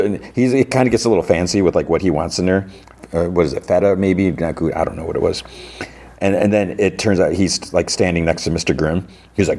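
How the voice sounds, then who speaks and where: A man's voice: low voice, fast, darkish tone. A man hosting a podcast, casually recapping TV scenes in a rambling way and retelling them with "he's like.". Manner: rambling, paraphrases scenes with "he's like" and laughs at himself. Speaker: podcast host.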